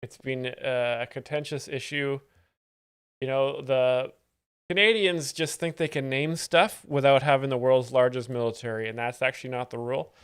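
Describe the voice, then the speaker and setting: A man hosting a live stream, commenting on comedy clips in a deadpan, sarcastic manner. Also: medium pitch, moderate pace, clean tone. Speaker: stream host explaining jokes.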